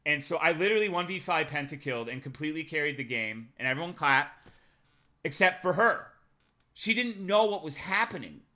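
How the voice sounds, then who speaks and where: A male streamer telling a rambling, profane personal story to his live chat, swinging between loud bursts and muttering. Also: fairly high pitch, lively intonation, a little fast. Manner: profane, rambling anecdote with big swings in loudness.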